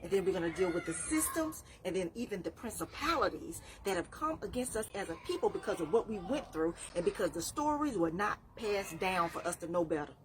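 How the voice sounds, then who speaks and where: A woman's voice: lowish voice, sing-song, fairly quick, few pauses, background noise. A woman life coach giving a faith-based motivational talk, preachy and repeating phrases for emphasis.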